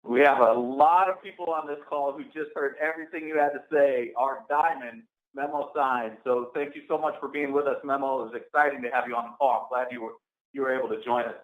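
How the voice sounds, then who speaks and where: A man hosting a phone-in conference call, energetic and full of fillers. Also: medium pitch, brisk. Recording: echoey tinny phone line.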